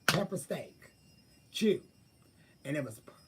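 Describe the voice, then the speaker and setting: Brief: man vlogger, higher-pitched, loose profane chatter, mic a bit far off. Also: a little slow, noisy background. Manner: chatty, profane, animated, thinking aloud. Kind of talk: casual rambling monologue.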